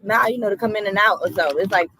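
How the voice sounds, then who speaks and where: A man in a casual podcast chat, telling an anecdote in relaxed slang with laughs. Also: high-pitched, rapid-fire, poor audio.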